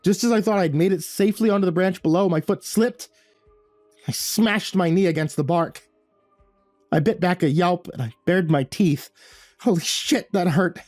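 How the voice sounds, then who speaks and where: A man's voice: high voice, normal speed, darkish tone, no room sound, faint music behind. A man narrating a first-person horror story in a tense, breathless way, stumbling over words now and then.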